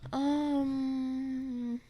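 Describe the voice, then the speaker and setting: A woman's voice: high voice, level tone, drawn-out words, mellow. A woman giving casual gaming commentary, rambling playfully and thinking aloud. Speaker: gaming streamer.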